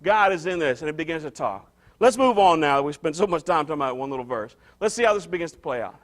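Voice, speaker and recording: High-voiced man preaching a conversational sermon. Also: animated, fast. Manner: conversational, restarts and repeats phrases for emphasis. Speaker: pastor.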